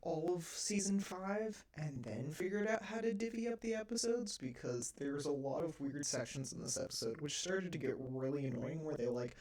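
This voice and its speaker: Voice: mid-range voice, lively intonation, moderate pace, hardly any pauses, darkish tone. Casual episode reviewer; loose, rambling delivery with frequent fillers and swearing. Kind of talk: casual chat.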